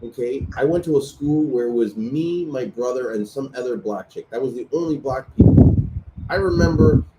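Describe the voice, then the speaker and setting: A man chatting casually and telling animated stories, swearing freely, recorded in a room at night. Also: mid-range voice, normal speed, heavy background noise. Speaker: host. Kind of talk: casual chat. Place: room at night lit by a selfie light.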